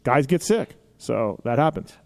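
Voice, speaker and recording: A man hosting a podcast, telling stories in a casual, animated way with lots of filler phrases. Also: mid-range voice, measured pace, gravelly. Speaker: podcast host.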